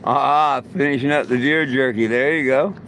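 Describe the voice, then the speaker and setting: A man's voice: medium pitch, steady tone, moderate pace, a bit bright, a little hiss or hum, rough recording. A man vlogging outdoors, chatting casually and cooing affectionately at his dogs. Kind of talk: casual talk to camera and pets.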